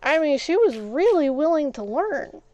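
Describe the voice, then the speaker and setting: A woman's voice: high voice, sing-song, normal speed, warm tone, lo-fi sound. A woman streaming a game, casually telling a long rambling story and retelling conversations with "I was like".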